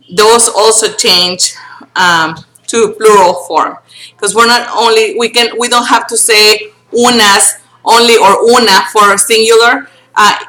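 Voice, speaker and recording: A woman teaching grammar to a student, patient and checking in often with "okay?", slowing down to spell words out letter by letter. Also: mid-range voice, sharp tone, reverberant, low-quality recording. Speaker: Spanish teacher.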